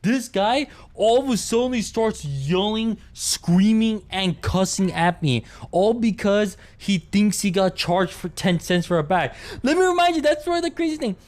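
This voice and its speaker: A man's voice: high voice, animated, a little slow, hardly any pauses. A young man telling a story from his retail job in an exasperated, ranting way. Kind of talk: storytime commentary.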